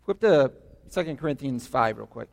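A man's voice: medium pitch, lively intonation, moderate pace, creaky, a little mellow. A man preaching a sermon as pastor, emphatic, repeating words for stress, in a church sanctuary. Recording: long hall reverb.

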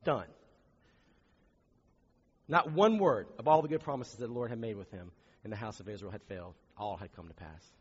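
A man preaching a conversational, animated sermon, often asking rhetorical questions. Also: fairly low pitch, quick pace, slightly rough. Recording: dull recording in a reverberant hall.

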